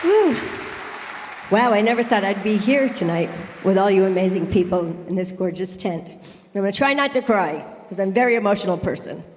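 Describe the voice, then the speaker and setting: A woman's voice: medium pitch, fast, long reverb tail, a faint crowd, a little hiss or hum. A woman giving an emotional, grateful acceptance speech at an awards ceremony in a large tent, listing many names she thanks.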